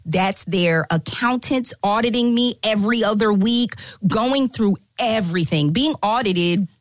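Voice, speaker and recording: A woman guest on a podcast telling a story, animated and emphatic, acting out the lines she quotes. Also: medium pitch, unhurried, dry recording. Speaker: guest entrepreneur.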